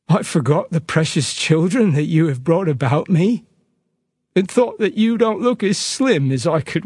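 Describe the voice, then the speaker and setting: Man voicing a remorseful old-fashioned husband, pleading, lively pitch, dry sound. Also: creaky, breathy edge, dry recording, full character voice. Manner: pleading, penitent. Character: Mister Tetterby, remorseful small aging husband.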